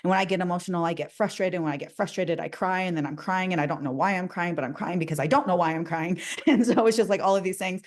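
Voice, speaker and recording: A woman's voice: lowish voice, fast talker, hardly any pauses, a little mellow. A woman co-hosting a podcast, speaking openly and emphatically about her personal experiences in a casual conversation. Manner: open, candid, emphatic. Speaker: podcast co-host.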